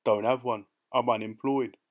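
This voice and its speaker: A man voicing a sly, rat-faced male hitch-hiker with a soft, oily voice. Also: medium pitch, fairly even intonation, normal speed, close to an everyday voice. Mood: innocent.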